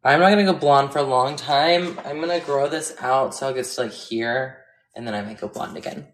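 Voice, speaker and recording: A chatty, giggly Florida woman in her twenties with a general American accent livestreams casually from home, chatting with viewers and swearing playfully. Her voice is a rumbling low and a little fast. The recording has an echoey room and loud noise.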